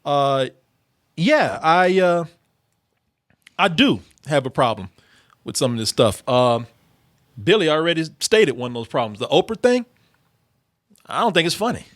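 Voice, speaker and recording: A man talks in a casual commentary chat, emphatic and circling back on his words. His voice sits a little high, and the studio mic is close and dry. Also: very animated, unhurried, long pauses, a bit bright, no room sound. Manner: emphatic, rambling with restarts. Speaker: show host.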